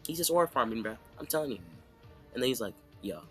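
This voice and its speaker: A man's voice: mid-range voice, lively intonation, quick pace, a bit bright, faint music behind. A man casually recapping an anime fight in a rambling, slangy way, often checking in with "okay?". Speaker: anime commentator.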